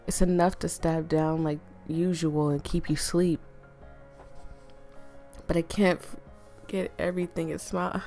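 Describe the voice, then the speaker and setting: A woman voicing a possessive, protective young man in a story game, reading him in a firm, measured way. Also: deep voice, steady tone, warm tone, soft background music.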